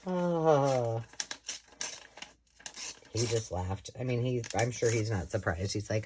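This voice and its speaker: A woman in her middle years records a crafting vlog at home, chatting as she works. Her voice sits very low but moves up and down a lot as she plays out each part of the story. She laughs often, and soft clicks from the work table sound behind her. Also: takes it slowly, pauses often, slight background noise. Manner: rambling, animated storyteller who laughs often and acts out quoted voices. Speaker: craft channel host.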